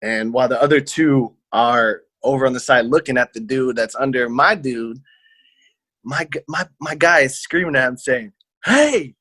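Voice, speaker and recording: A man's voice: mid-range voice, moderate pace, bright, forceful tone, dry recording. A man casually telling a story on a podcast, rambling and slangy, acting out what people said. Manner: rambling, slangy, acts out quotes. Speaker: podcast co-host.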